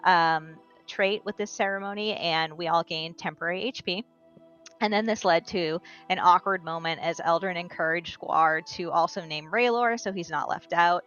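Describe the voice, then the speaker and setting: A woman recapping the last tabletop game session for the group, in a brisk storytelling way. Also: lowish voice, fairly bright tone. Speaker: player giving a recap. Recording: dull lo-fi sound.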